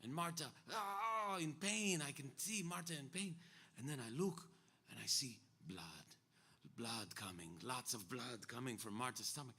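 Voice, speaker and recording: A man voicing an excitable man who retells a bloody healing in halting, broken English and repeats his words. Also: medium pitch, slightly rough, voice pushed up. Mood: agitated.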